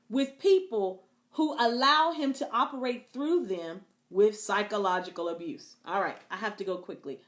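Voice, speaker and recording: A woman Christian counselor giving a lively, preacher-like teaching talk, acting out abusers' taunts and calling listeners "beloved". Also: on the high side.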